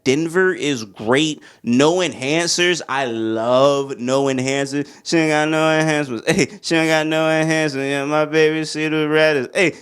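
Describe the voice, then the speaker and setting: A man ranking his favorite albums in a casual vlog, excitable and rambling, full of slang. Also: on the high side. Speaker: music reviewer.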